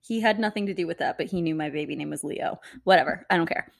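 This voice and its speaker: A young woman co-hosting a podcast in casual chat, reacting to her friend's story, swearing freely and laughing loudly. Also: deep voice, fast, gravelly. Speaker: podcast co-host.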